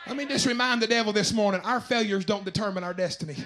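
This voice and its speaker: High-voiced fervent preacher. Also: male voice, quick pace, some chatter behind. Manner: fervent, shouting, repetitive, call-and-response. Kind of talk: sermon.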